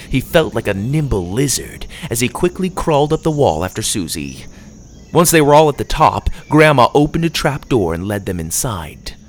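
A man narrating a children's adventure story aloud, reading expressively. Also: slight background noise. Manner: expressive read-aloud with lively pitch.

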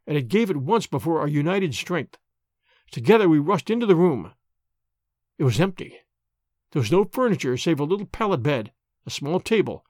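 Expressive male storyteller, lively pitch. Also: no room sound, clean studio sound. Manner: expressive, dramatic. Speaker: narrator. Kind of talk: classic story reading.

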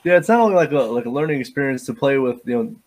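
Brief: male podcast host, eager and halting, plenty of fillers, mid-pitched voice. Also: lively intonation, a little mellow, a little hiss or hum. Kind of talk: casual interview chat.

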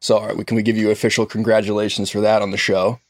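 A man's voice: lowish voice, little pitch movement, rapid-fire. A man co-hosting a podcast, easygoing as he steers the conversation back to its questions. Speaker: co-host. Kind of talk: casual podcast chat.

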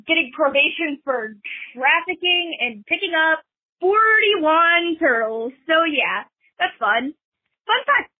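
A young woman from Texas calling into a podcast, rambling casually with drawn-out emphasis. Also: very high-pitched. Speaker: podcast caller. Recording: voicemail over a tinny phone line.

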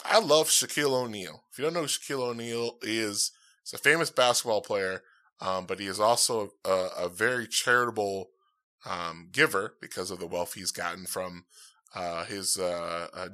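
A man's voice: lowish voice, normal speed, pushed and bright. A man hosting his own podcast in casual, rambling chat, upbeat and full of fillers, speaking into a dynamic podcast mic. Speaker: podcast host.

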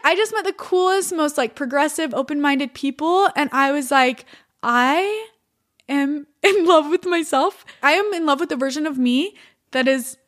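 A woman's voice: sits high, lively intonation, normal speed, a bit bright. A young woman, a podcast guest, telling her personal story in a chatty, candid way full of "like" and "you know".

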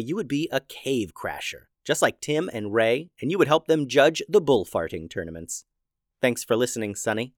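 Male host reading a kids' story, animated pitch, dry close sound. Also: no room sound. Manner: lively, expressive reading. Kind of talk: children's story narration.

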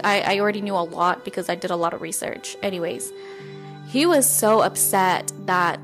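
A woman hosts a podcast in a casual, unscripted monologue. She talks bluntly and candidly, drops swear words without pause, and tells her story with animation. Her voice sits in an ordinary middle pitch, with faint music in the background. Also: fairly bright tone. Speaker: podcast host.

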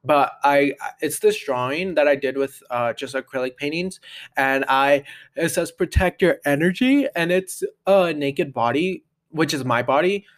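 A man's voice: a little high, expressive, measured pace. A young adult man hosting a casual solo podcast, rambling and chatty, full of "like" and restarts. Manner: rambling, chatty, heavy use of "like", many restarts. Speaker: podcast host.

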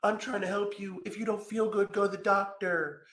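A man's voice: high-pitched, fairly even intonation, moderate pace, fairly bright tone, roomy sound, pitched above the performer's own voice. A man putting on a whiny, sing-song voice to mock a woman. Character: mocking whiny imitation of a woman.

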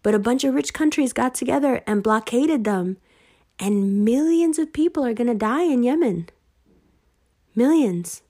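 A woman ranting to her followers, heated and sarcastic, swearing freely and at times rising almost to shouting. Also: on the high side, lively intonation, normal speed. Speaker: online commentator.

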